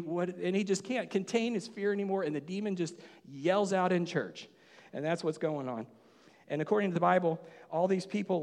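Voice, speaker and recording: A man preaching a sermon as pastor, telling the story with lively, acted-out asides and conversational questions to the congregation. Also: on the high side. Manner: animated storytelling, acting out voices in quotes. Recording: long hall reverb.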